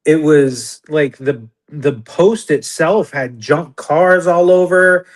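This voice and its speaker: A man with a slightly raised voice talks in casual chat as a co-host. He hesitates, restarts and leans on "like" as he builds his stories. He speaks into a video call mic. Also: on the high side. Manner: halting, filler-heavy, frequent "like".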